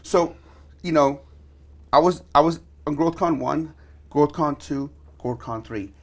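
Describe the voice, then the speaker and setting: A man hosting a casual interview, telling stories excitedly and leaning heavily on filler words. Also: on the high side, measured pace. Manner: excitable storyteller, heavy "you know" fillers. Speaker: podcast host.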